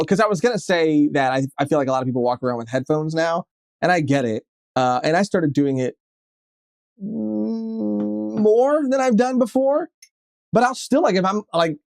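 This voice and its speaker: A young man co-hosting a podcast, telling a story in an animated way with lots of fillers and swearing. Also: on the high side, no echo, studio quality. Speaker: podcast co-host. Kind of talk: casual chat. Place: podcast studio.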